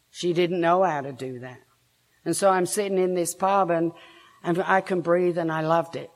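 A woman's voice: deep voice, a little mellow. A woman with an English accent, frankly and self-mockingly telling her own story to a recovery meeting, laughing now and then between lines. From England. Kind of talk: personal story told to a meeting.

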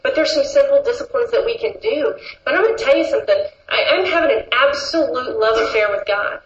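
A woman's voice: sits high, fairly quick, a little hiss or hum. A woman giving a personal recovery testimony at a meeting, telling her story with lots of laughter and acting out what others said. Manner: animated storytelling, laughing often, acts out quotes. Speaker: speaker sharing at a recovery meeting. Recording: roomy, slightly dull with faint ambience.

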